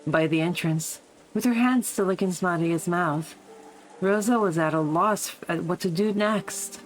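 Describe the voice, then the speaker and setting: A young woman with a slightly low voice reads a visual novel aloud for her stream. She drops into blunt, swearing asides between passages. Music and rain play steadily behind her. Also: measured pace, low-quality recording. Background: background music and rain.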